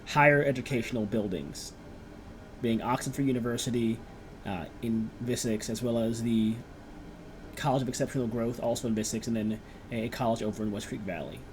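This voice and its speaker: A man's voice: mid-range voice, steady tone, brisk, a little hiss or hum, rough recording. A young man acting as game master, rambling through descriptions and encouraging his players. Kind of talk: narrating a tabletop game.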